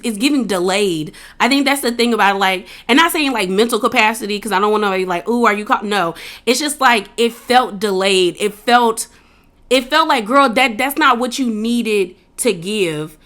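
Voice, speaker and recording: A woman casually recapping a reality show episode, chatty and opinionated, with slangy, animated retelling. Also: on the high side.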